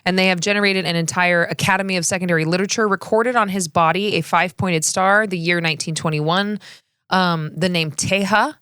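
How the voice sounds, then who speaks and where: A woman's voice: lowish voice, steady tone, a little fast, a bit bright, clear, resonant tone, no room sound, studio quality. A woman co-hosting a podcast, reading researched history in a casual, conversational way. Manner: reads researched history conversationally, laughs often. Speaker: podcast co-host. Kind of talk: casual storytelling chat.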